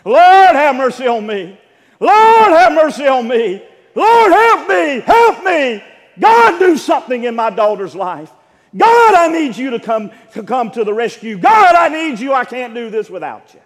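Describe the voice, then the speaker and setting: A man's voice: very high voice, big pitch swings, unhurried, long reverb tail, pitched above the performer's own voice, heavily acted. A man preaching acts out a desperate mother crying out and pleading for her child in a sermon.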